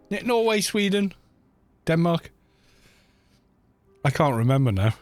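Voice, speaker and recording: A man's voice: a little high, no echo. A middle-aged man with a Welsh accent, chatting and joking with his viewers while streaming a game, often stumbling over his words. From Wales. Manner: chatty, jokey, answers chat with stumbles and laughs. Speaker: gaming streamer.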